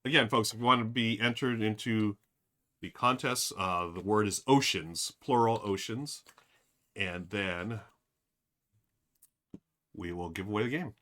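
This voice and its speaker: Fairly low-pitched yet bright in tone, this board game streamer talks a little slowly and pauses often. He muses aloud with many fillers, speaking directly to his chat in a casual live-stream.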